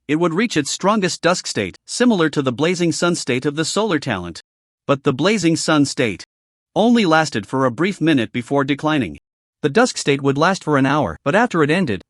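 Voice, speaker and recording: A man narrates a story recap, reading every line of dialogue in his own voice. His pitch sits a little high and moves a lot. The sound is dry and close, with no room around it. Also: normal speed, dry recording. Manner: even storytelling delivery, reads all dialogue in his own voice.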